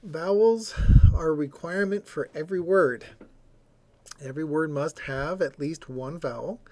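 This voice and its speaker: A man's voice: on the high side, moderate pace, warm tone. A man giving a recorded lecture, explaining step by step and sounding out example words.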